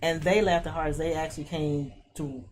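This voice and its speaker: A middle-aged woman, a stand-up comedian, telling casual stories as a guest, animated and laughing often while acting out the people she quotes. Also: deep voice, brisk. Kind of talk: casual storytelling. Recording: noisy background ambience.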